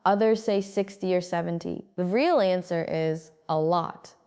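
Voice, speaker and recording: A woman giving a calm, scripted English-speaking lesson, pronouncing each word clearly and steadily. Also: lowish voice, a little slow. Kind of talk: scripted instructional narration.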